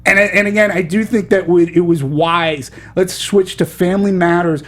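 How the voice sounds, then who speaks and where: A man's voice: high-pitched, fairly even intonation. Playful male movie-show host. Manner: playful, halting with many restarts and fillers. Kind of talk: casual panel chat.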